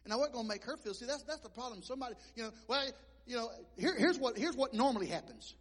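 Very high-voiced man preaching in a hall. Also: quick pace. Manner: animated storytelling preacher who swings between soft asides and shouting. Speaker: pastor. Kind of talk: sermon.

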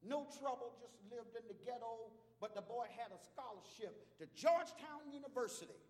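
A man preaching an impassioned sermon in a church, swinging from hushed tones to shouts. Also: very high voice, normal speed. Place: church sanctuary. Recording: long hall reverb.

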